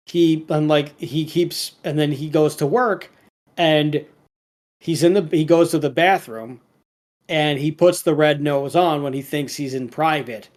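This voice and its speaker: A man's voice: fairly high pitch, a little mellow. A man co-hosting a podcast, retelling a cartoon episode in a rambling casual way, full of restarts and fillers, now and then quoting the characters. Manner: quotes characters in a lightly acted voice. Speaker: podcast co-host.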